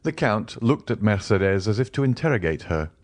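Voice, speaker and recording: A man narrating a classic novel as an audiobook in a measured way. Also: on the low side, sing-song, darkish tone, no echo.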